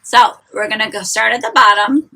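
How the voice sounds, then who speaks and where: A woman's voice: a little high, fairly even intonation, normal speed, vocal fry, pushed and bright, poor audio. A woman, chatting casually through a live-streamed beauty tutorial, confiding and full of restarts. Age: 40s. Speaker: beauty vlogger and shop owner. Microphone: phone or camera close up, live stream.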